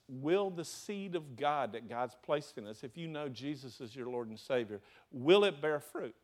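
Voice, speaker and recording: A Southern US man delivering a sermon as pastor, his voice sitting a bit high for a man. He keeps firing questions at the congregation and answering them himself. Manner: preaching with rhetorical questions to the congregation.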